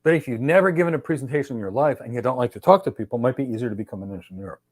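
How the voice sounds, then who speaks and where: A man's voice: mid-range voice, racing, darkish tone. A man hosting a live career Q&A session and explaining things animatedly through role-play examples. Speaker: career coach host.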